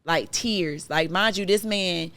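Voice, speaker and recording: A woman with a somewhat low voice recounts a painful personal story in a relaxed podcast chat. She talks in an animated, emotional way, full of fillers and restarts. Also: slow. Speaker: podcast guest.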